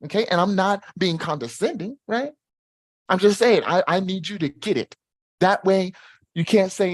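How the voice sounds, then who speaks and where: A man hosting a live Q&A stream, talking in an animated, repetitive way and jumping up high in pitch when excited. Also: normal speed, no room sound. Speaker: host.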